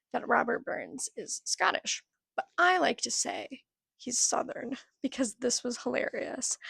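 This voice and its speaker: Gravelly, husky young woman chatting. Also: on the high side, fairly bright tone, no room sound, clean studio sound. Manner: chatty and giggly, lots of "like". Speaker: book vlogger. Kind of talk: casual chat.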